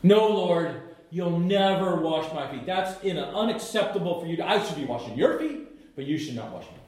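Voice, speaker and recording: A preacher voicing an excitable, impulsive disciple. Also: male voice, normal speed, lightly acted. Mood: flustered protest. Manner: high, loud, eager and flustered. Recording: echoey church hall.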